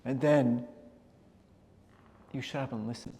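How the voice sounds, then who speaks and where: A middle-aged man giving a personal storytelling talk, animated, often repeating words as he gathers his thoughts. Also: mid-range voice, a little slow. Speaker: speaker. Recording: long hall reverb.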